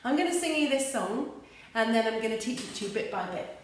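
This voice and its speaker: A woman's voice: fairly high pitch, expressive, fairly quick, far from the mic, slight background noise. An English woman, an early years teacher, leading young children through simple action songs in a sing-song, encouraging way. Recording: echoey room with light music.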